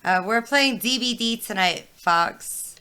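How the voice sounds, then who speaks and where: A woman's voice: on the high side, slow, pushed and bright, clean tone. A young woman streamer chatting casually and telling a story bluntly, with heavy swearing. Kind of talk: casual chat on a live game stream.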